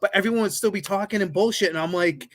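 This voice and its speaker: A man with a somewhat high voice hosts a casual podcast. He reminisces loosely and swears freely, often laughing along. His talk is relaxed, fast to move on, and full of filler. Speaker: podcast host.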